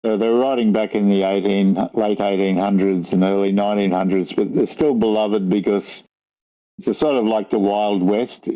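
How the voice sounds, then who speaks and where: An older Australian man with a lowish voice talks casually and wanders through his thoughts, often stopping to correct himself. The recording is dull and lo-fi, with the top end muffled. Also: steady tone, moderate pace, a little mellow. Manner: rambling, thoughtful, self-correcting. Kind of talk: casual conversation. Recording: dull lo-fi audio.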